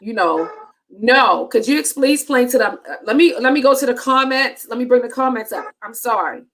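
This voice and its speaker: Host: chatty woman, bright higher voice, informal live-stream banter. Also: brisk. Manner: chatty, laughs often, informal. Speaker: host of author reading show. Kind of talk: casual live-stream chat.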